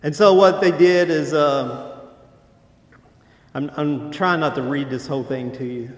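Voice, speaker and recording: A man's voice: fairly high pitch, a little slow. A man preaching a casual sermon as a pastor, informal and joking, with lots of filler words, on a stage under hot lights. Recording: echoey hall, long reverb.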